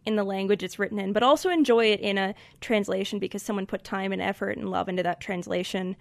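A woman's voice: medium pitch, steady tone, fast talker, gravelly, no echo. American woman host from Colorado, dry sound. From Colorado, USA. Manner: thoughtful, with fillers. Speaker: podcast host. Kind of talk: casual chat and poetry reading.

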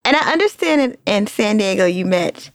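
A woman reporter interviewing a guest, asking questions in a bright, eager way. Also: mid-range voice, expressive, moderate pace, dry recording, clean studio sound.

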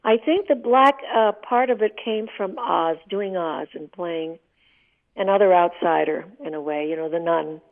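A woman's voice: fairly low pitch, moderate pace, creaky. An older woman in her eighties, a guest telling vivid, emotional stories in a candid interview. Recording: tinny phone line.

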